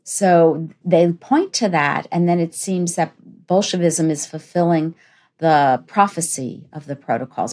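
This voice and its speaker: A woman's voice: low voice, measured pace, darkish tone. A woman historian, a guest on a podcast interview, explaining in an emphatic way.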